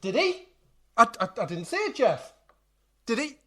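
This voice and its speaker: A man doing an excitable bewildered TV pundit. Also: extremely high pitch, normal speed, crowd noise, pitched above the performer's own voice. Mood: incredulous.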